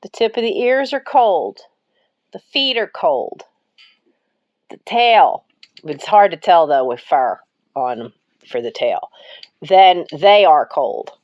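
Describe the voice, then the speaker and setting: A woman's voice: lowish voice, lively intonation, takes it slowly, pauses often, a little mellow, no room sound, dull audio. A woman talking to her cats while filming at home, cooing and giggling often. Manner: baby-talks to cats, breaks into frequent giggles. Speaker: pet vlogger. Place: cold house, bedroom.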